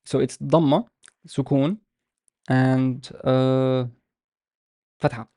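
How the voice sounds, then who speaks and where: Male language teacher on a video call, gravelly mellow voice, dry close sound, patient and explanatory, drags out example words. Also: medium pitch, fairly even intonation, no room sound. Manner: explanatory, with frequent restarts and drawn-out example words. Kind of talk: online language lesson.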